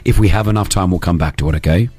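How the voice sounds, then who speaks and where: A man hosting a breakfast radio show from a studio, joking with callers and running a quiz in a brisk, upbeat way. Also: deep voice, a little mellow, slightly rough, no room sound, faint music behind.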